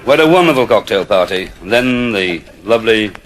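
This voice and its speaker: An older man works the room with comic anecdotes, chuckling through his own punchlines. His voice sits low yet swoops lively from phrase to phrase. The live recording carries a steady hiss of noise. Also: brisk, poor audio. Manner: wry, chuckling raconteur. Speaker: after-dinner speaker.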